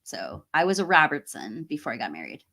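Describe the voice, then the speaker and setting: A woman's voice: sits low, big pitch swings, a little fast, vocal fry, bright, forceful tone. A woman hosting a casual livestream, chatting with viewers and reading their comments, friendly and full of fillers and small laughs. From United States. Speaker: livestream host.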